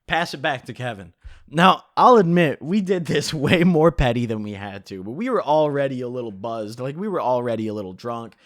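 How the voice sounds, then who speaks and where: A man's voice: mid-range voice, expressive, brisk, no echo, studio quality. A young man telling a profane, joking story in a casual vlog. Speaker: vlogger.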